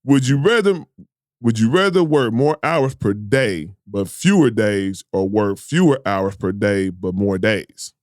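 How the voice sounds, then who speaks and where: A man hosting a casual comedy podcast, telling animated, profane stories and breaking into laughter. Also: on the low side, a little slow, no echo, clean studio sound. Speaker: podcast host.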